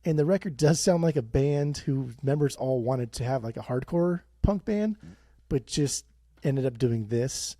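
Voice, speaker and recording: A young man co-hosts a casual podcast, talking in animated bursts and swearing freely. His voice is dark and a little husky. The dry, close recording keeps the room out. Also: a little slow, dry recording. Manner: animated, swears a lot, bursts of high-pitched ranting. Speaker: podcast co-host. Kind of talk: casual chat.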